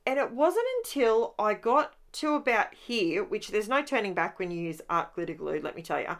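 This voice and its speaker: A woman with an Australian accent, chatting through a voiceover of her own scrapbooking process in a lively, animated way. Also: mid-range voice, moderate pace. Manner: chatty and animated, with rising exclamations and laughs. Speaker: scrapbooking channel host. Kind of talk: voiceover narration of a crafting process.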